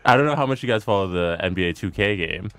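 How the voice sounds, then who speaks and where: A man's voice: low-pitched, expressive, fast, fairly bright tone, no echo. A man co-hosting a casual sports podcast, explaining things in detail with chuckles along the way.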